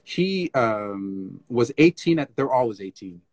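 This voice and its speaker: A man as guest in a casual live interview, an animated storyteller who scats rhythms and restarts often, on a phone stream. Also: medium pitch, unhurried, no echo. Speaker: guest tap dancer.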